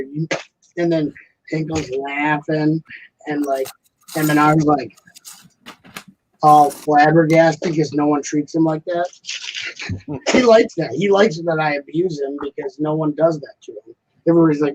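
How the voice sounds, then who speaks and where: A man's voice: on the high side, steady tone, moderate pace, slight background noise, low-quality recording. A man hosting a casual live-stream chat, joking and rambling in a mock-grumpy way.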